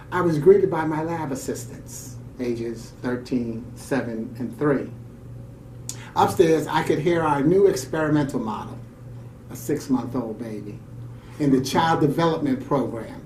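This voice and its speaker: A man's voice: mid-range voice, a little hiss or hum. A man co-hosting a show, reading a story aloud and adding his own reflective asides. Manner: warm, reflective delivery with off-the-cuff comments. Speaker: radio show co-host. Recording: roomy, distant mic, faint ambience.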